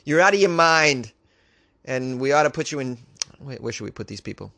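A man's voice: medium pitch, expressive, brisk, creaky, pushed and bright, no echo, studio quality. A man hosting a weird-news podcast, reading stories aloud and riffing on them with sarcastic disbelief; he says he is a little loopy. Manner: incredulous, ranting, reads stories aloud then riffs. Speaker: podcast host.

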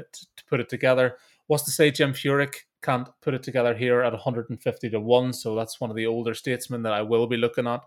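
Chatty Northern Irish man podcasting. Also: mid-range voice. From Northern Ireland. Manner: chatty, brisk, restarts and repeats words. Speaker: golf betting podcast host. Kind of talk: casual podcast chat with host-read ad.

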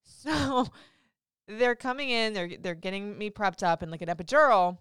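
A young woman vlogger telling a story in a casual, animated way, swearing freely and laughing often. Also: mid-range voice, fairly quick, clear, resonant tone, no echo, clean studio sound.

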